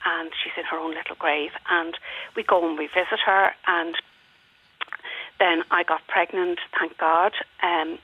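A woman's voice: on the low side, little pitch movement, unhurried, breathy edge. A woman, a caller on a radio phone-in telling a personal story in an earnest, plain way. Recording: tinny dry phone line.

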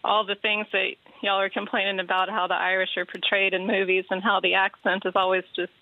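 A woman from the Houston area with a soft Texan accent, calling in to a radio show, friendly and easy-going. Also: mid-range voice, little pitch movement, a little fast. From Houston area, Texas. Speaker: caller. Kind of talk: phone-in chat. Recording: tinny phone line.

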